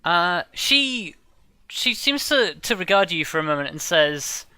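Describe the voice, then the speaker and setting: A man's voice: high voice, sing-song, a little slow, sharp tone, smooth, no echo. A man running a tabletop game as game master, narrating in a hesitant, filler-heavy, amused way.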